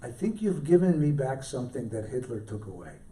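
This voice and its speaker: Brief: elderly male survivor, thick accent, clipped and halting, as a speaker puts him on, roomy far-off sound. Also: medium pitch, sing-song, a little hiss or hum, natural voice. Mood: softly moved. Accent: thick foreign accent. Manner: curt, repeating himself, then soft and halting. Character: elderly male Holocaust survivor, gruff then tender. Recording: roomy hall, mic from afar.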